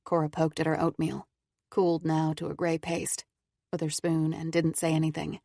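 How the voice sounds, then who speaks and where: Low, gravelly female narrator, calm measured audiobook read. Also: no room sound, studio quality. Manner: calm, measured first-person telling.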